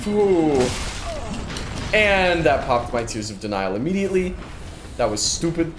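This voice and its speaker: Over music, a tired man with a fairly high, sing-song voice plays a game at his desk with monitors, unhurried and yawning. His casual, self-mocking let's-play chatter keeps circling back to the same phrases, and the room sound is roomy with background noise.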